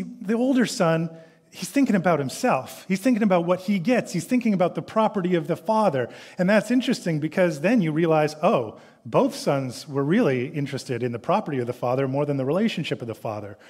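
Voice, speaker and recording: A man preaching a sermon as a pastor, earnest, reading scripture and building from hushed to animated. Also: a little high.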